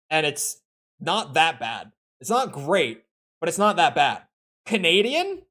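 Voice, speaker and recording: A man's voice: a little high, takes it slowly. A young man with an American Midwestern accent chatting casually on a live game stream, opinionated and rambling. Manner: opinionated, animated, rambling with restarts.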